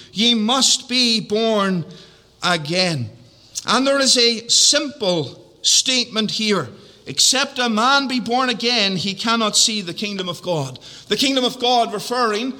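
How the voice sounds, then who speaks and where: A man preaching an evening sermon in a church, measured and emphatic, repeating key phrases and drawing out important words. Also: sits high, sharp tone. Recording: long hall reverb.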